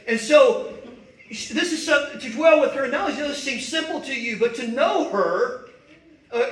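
An older male pastor with a notably high voice delivers a sermon in a roomy, echoing church. He preaches in a folksy, self-deprecating way, leaning on stories from home. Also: fairly bright tone. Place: church sanctuary.

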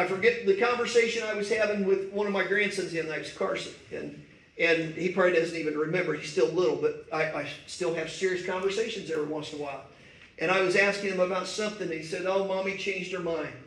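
A man's voice: high-pitched, steady tone, fast, sharp tone, reverberant. An older man preaching a sermon to his congregation, telling folksy, self-deprecating stories about married life. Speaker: pastor. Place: church sanctuary.

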